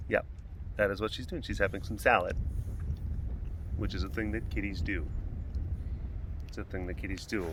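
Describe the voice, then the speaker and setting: A man's voice: fairly even intonation, moderate pace, pauses often, sharp tone. A man hosting an outdoor webcast from a big cat compound, chatting and laughing as he walks around and coos at the animals. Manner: talks to the cats in a high doting baby voice; laughs often, playful asides voicing the animals. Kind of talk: casual chat to camera while walking around animal enclosures.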